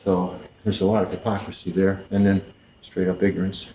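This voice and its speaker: A man speaking thoughtfully in an interview, measured and pausing often with fillers. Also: deep voice, completely flat delivery, warm tone, a little hiss or hum, poor audio. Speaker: interviewee in documentary footage. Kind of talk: reflective interview talk.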